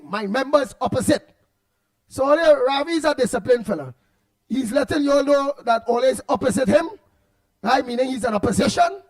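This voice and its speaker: A man with a Trinidadian accent hosting a radio show, chatting casually and reading out listener comments with laughs and repeated words. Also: very high-pitched.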